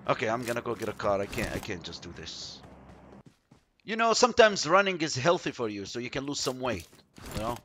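A man giving chatty, excitable commentary while playing a shooter game, yelping when surprised. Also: medium pitch, moderate pace, pauses often, background noise. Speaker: mobile game streamer.

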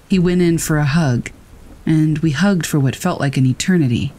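A man reading scary first-person stories aloud in a calm, steady storytelling voice. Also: a little high, normal speed. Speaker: narrator. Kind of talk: scripted narration of scary stories. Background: rain.

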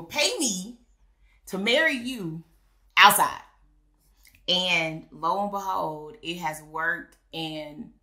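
A woman, a wedding officiant and business owner, telling stories in an interview and acting out the voices she quotes. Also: low-pitched. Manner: animated storyteller, acts out quoted voices. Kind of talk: casual interview storytelling. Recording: echoey room.

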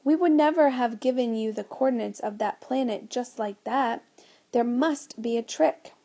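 An excitable, frightened schoolboy pleads in a rush of urgent words, as a woman reads him aloud. The voice sits fairly high with a gravelly edge and a mellow, dark tone. It is a storybook reading. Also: moderate pace. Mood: objecting.

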